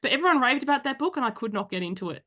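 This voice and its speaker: Australian woman, podcast host, higher voice, blunt, casual, swears. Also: animated, rapid-fire, fairly bright tone.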